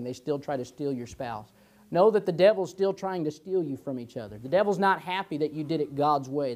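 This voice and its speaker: In a slightly high, somewhat mellow voice, a twenty-something pastor gives informal Sunday school preaching. He's chatty and homespun, drawing on his own stories and sprinkling in "amen" and "you know."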